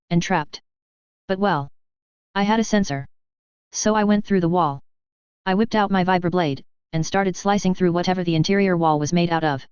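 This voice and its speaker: A narrator giving an even, wry first-person reading of a story. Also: mid-range voice, smooth, dry recording, muffled recording.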